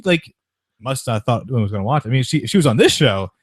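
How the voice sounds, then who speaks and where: A man's voice: medium pitch, expressive, husky, dry recording, studio quality. A man hosting a sports podcast, chatting casually about sports news in a rambling way, with lots of restarts. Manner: rapid, rambling, with frequent restarts and mocking quoted voices.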